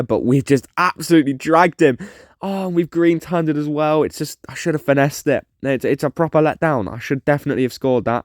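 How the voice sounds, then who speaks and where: A man's voice: medium pitch, dry recording. Guy narrating his football game, chatty, jokey, dry close sound. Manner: chatty, self-mocking, excitable when scoring. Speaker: gaming YouTuber. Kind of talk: casual gameplay commentary.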